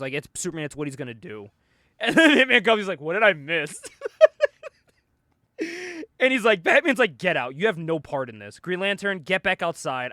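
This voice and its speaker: A man with a high, bright voice that swings widely as he retells a comic story, dropping into other characters' voices and laughing between lines. The recording is dry and close. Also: no echo. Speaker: podcast host. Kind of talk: casual comic book recap.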